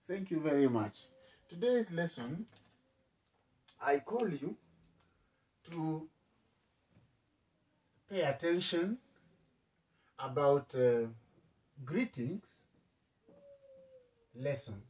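Male language teacher, slow deliberate repetition, a little distant from the mic. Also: a little high, lively intonation, a little mellow. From East Africa. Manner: slow, repeats words for learners to echo. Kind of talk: spoken language lesson.

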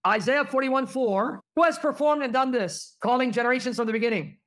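A man's voice: very high voice, brisk, fairly bright tone. A man teaching Christian apologetics, reading verses aloud and pressing the audience with rhetorical questions.

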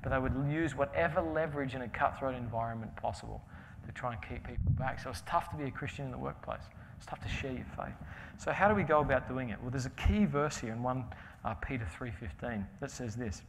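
Aussie guy preaching, jokey stories, gets loud then goes quiet, big echoey hall. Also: medium pitch, a little fast, noisy background. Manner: storytelling, humorous, swings from loud to hushed. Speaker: pastor. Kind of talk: conference sermon. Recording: reverberant hall with faint ambience.

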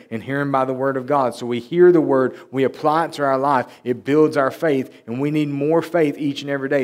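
A man preaching at a church service. He talks in an earnest, conversational way and lifts his voice when he reads scripture aloud. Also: medium pitch. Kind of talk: sermon with Bible reading.

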